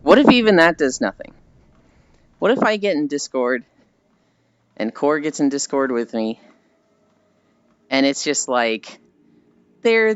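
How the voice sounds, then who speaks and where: A man's voice: medium pitch, clean tone, no echo, muffled recording. Rambling man streaming while walking. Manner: rambling, self-deprecating, animated mock voices. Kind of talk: casual chat with stream viewers.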